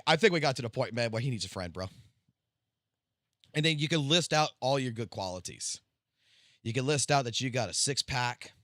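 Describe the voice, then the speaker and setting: A man's voice: mid-range voice, fairly bright tone, no echo, studio quality. A man casually commenting on a livestream, cursing freely and rambling with stammered restarts.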